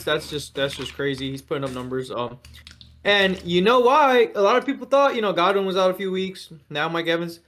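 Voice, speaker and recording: A podcast co-host in casual sports chat, excitable and swearing, with the voice jumping up when worked up. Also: slight background noise. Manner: excitable, swearing, pitch jumps up when fired up.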